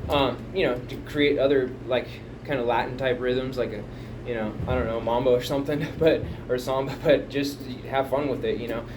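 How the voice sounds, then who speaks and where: Explaining a drum pattern from his home music room, a chatty drum teacher rambles and counts the beats aloud. He speaks a little fast in a mid-range, fairly even voice, and the mic picks up background noise and a loud drum kit from a distance.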